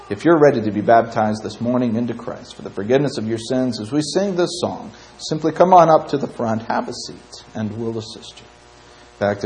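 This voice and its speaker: A man preaching a sermon in church, impassioned, swinging between loud emphatic stretches and quiet ones. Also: medium pitch, a little hiss or hum, poor audio. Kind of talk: sermon with invitation.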